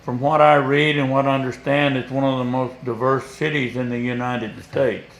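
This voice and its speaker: A man from Kentucky answering interview questions slowly and haltingly, often repeating words. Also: medium pitch, flat delivery. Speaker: parishioner and guest. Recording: echoey room.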